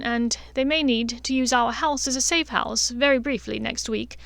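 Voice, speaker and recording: Woman playing a warm middle-aged witch, chatty and direct. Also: sits high, vocal fry, no room sound.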